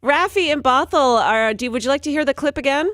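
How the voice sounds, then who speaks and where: A woman's voice: sits high, lively intonation, brisk, fairly bright tone. A woman co-hosting a morning radio show, upbeat and introducing callers. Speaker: radio co-host. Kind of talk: casual morning radio banter.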